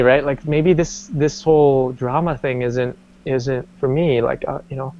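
A man telling personal stories in casual conversation, animated, with many restarts and acted-out quotes. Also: mid-range voice, a little slow. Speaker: guest. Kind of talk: casual storytelling. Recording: dull lo-fi sound.

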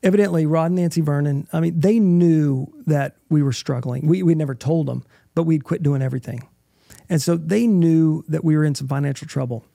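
Middle-aged male guest, raspy and gravelly, earnest halting testimony, dry close sound. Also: fairly high pitch, warm tone, no echo. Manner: earnest, halting storytelling with restarts. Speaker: interview guest. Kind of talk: emotional personal testimony.

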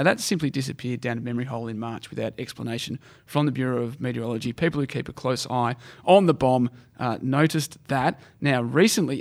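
An Australian man co-hosting a casual podcast chat, brisk and emphatic, with dry asides. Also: mid-range voice. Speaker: podcast co-host.

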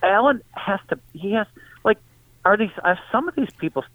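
A man speaks as a phone-in guest, and his voice sits a little high for a man. He tells stories with animated energy and breaks into laughter. The sound is thin, tinny and dry, like a phone call. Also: normal speed, no echo. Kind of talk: phone interview.

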